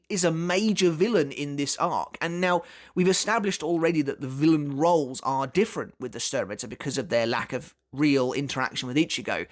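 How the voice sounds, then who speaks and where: Chatty man analyzing an anime. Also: fairly high pitch. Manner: chatty, with frequent fillers and restarts. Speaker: anime commentary YouTuber. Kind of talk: casual video essay analysis.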